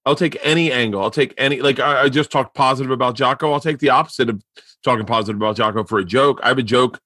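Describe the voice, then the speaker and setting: A man's voice: mid-range voice, quick pace, bright, forceful tone, no echo, studio quality. A man hosting a podcast, telling stories in casual, profane chat and laughing often. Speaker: podcast host.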